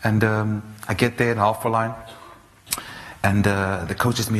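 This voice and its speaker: A man in his thirties from South Africa, giving an animated storytelling talk on stage, full of restarts and fillers. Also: lowish voice, moderate pace. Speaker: speaker. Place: large auditorium. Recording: reverberant hall, faint noise.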